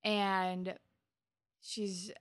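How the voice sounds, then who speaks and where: A woman's voice: mid-range voice, little pitch movement, very slow, no room sound. A woman co-hosting a casual podcast, walking through TV scenes and quoting the characters with bursts of emphasis. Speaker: podcast co-host. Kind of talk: casual chat recapping a TV episode.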